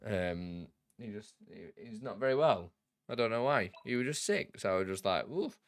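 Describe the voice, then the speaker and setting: A young man hosting a relaxed live stream, chatting with his viewers and laughing easily between questions. His voice sits a little low and sounds dry and close, with no room around it. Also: normal speed, no echo. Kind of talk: casual live-stream chat.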